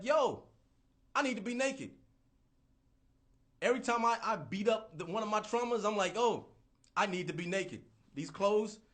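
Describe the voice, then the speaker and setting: Animated, profane man ranting on a livestream. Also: high-pitched. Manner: profane, animated, repeats himself. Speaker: livestream host. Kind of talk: casual livestream rant.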